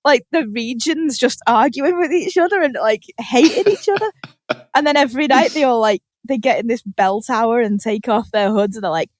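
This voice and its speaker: A British woman hosting a podcast, telling animated stories in casual chat, laughing often and swearing casually. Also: on the high side, normal speed, no room sound. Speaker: podcast host.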